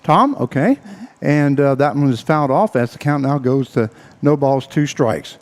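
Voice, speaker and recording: A man calling a local baseball game as play-by-play announcer, out of breath and talking in halting bursts full of uhs. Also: mid-range voice, lively intonation. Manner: halting, filler-heavy play-by-play with frequent uhs. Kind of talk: baseball radio commentary.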